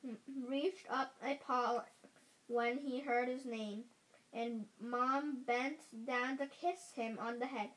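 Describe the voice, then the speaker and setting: A woman's voice: a little high, fairly even intonation, takes it slowly, fairly bright tone, poor audio. A woman reading a children's chapter book aloud with care, often stumbling and restarting her lines. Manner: careful reading with frequent slips and restarts. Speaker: reader.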